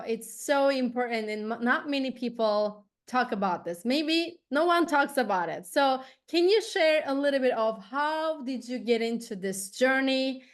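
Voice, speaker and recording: Podcast host lady, earnest and emphatic, kinda high voice. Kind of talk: podcast interview.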